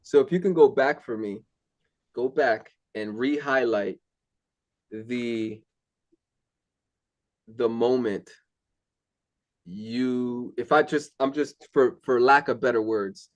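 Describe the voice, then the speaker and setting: A man hosting a casual faith interview, relaxed and affirming, often asking "you know what I mean". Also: medium pitch, takes it slowly, pauses often.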